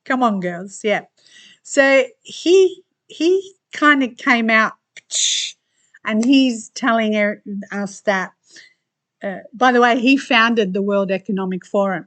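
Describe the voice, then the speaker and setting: Slow, chatty woman reading astrology. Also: medium pitch, fairly bright tone. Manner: chatty, laughs often, teasing asides. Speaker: astrology reader. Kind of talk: casual astrology commentary to viewers.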